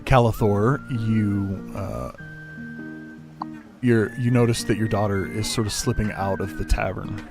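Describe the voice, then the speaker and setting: A man's voice: fairly low pitch, lively intonation, a little slow, gravelly. Rambling male game master over guitar. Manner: loose, rambling with many fillers. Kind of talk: narrating a tabletop game. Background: guitar music.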